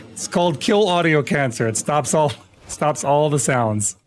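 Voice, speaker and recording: Taking his time, a young adult man with a higher, expressive voice streams a game live and chats casually. He keeps playfully insisting he's innocent with mock outrage, laughing often along the way.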